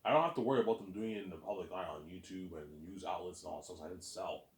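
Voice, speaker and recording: A man's voice: low-pitched, very fast, reverberant. A man hosting his own listening series, rambling in a casual, boastful monologue and often repeating words as he restarts.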